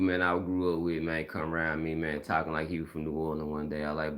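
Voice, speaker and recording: A man's voice: very deep voice, completely flat delivery, fairly quick, few pauses. A middle-aged man from Mississippi with a Southern accent, talking bluntly and casually on a live stream, repeating his points in slang.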